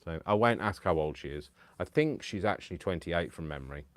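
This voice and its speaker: Deep-voiced rambling man. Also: lively intonation, brisk, no room sound. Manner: rambling, self-deprecating, chatty. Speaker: livestream host making digital crafts. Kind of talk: casual live chat with viewers.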